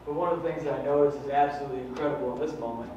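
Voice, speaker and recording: A man's voice: mid-range voice, fairly even intonation, rapid-fire, warm tone. A man pastor preaching a sermon, fervent and conversational, with many rhetorical questions. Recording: echoey hall from far off, dull and faintly noisy.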